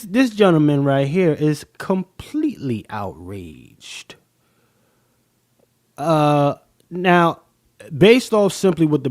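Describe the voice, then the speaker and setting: A man hosting a casual livestream, talking emphatically in loose slang with frequent pauses. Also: a little high, no room sound, studio quality. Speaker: livestream host.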